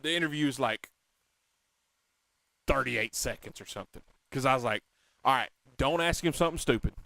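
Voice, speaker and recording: A man hosting a casual talk show, telling a story in an animated, excitable, self-mocking way. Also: mid-range voice, dry recording. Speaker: podcast host.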